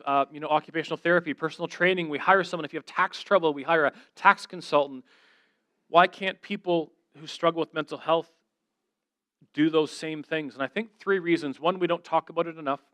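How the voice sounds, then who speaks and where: A man's voice: fairly high pitch, fairly even intonation, a little fast, a bit bright, no room sound. A middle-aged man giving an earnest, conversational sermon as a guest speaker, telling stories and voicing the people he quotes.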